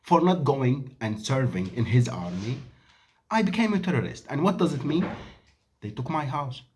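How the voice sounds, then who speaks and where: A man's voice: mid-range voice, lively intonation, normal speed, a little hiss or hum. A Syrian man in his thirties, a native Arabic speaker, delivering an angry, emphatic monologue full of rhetorical questions. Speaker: vlogger. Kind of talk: impassioned monologue to camera.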